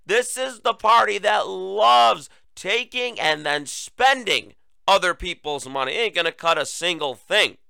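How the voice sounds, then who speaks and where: A man's voice: high-pitched, animated, measured pace, creaky, bright, forceful tone, clear, resonant tone, dry recording. A man hosting a solo political talk show, sarcastic and mocking, speaking to his listeners with a lingering cough. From United States. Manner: sarcastic, mocking, conversational asides to "folks". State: recurring cough. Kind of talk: solo opinion commentary.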